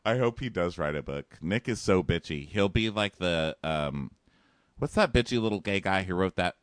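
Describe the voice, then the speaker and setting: A man with a lively, bouncing delivery cracks jokes while recapping a reality show. He slips into silly voices of the cast members. The sound is dry and close. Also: low-pitched, normal speed, dry recording. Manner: animated, does jokey voices of reality-show people. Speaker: podcast co-host. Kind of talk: casual comedic recap.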